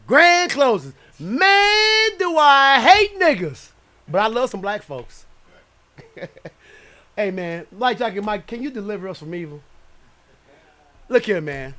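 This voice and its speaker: A man hosting an internet radio talk show in a loud, profane rant, often breaking into laughter. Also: high-pitched. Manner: animated, profane, frequently laughing, shouts at times.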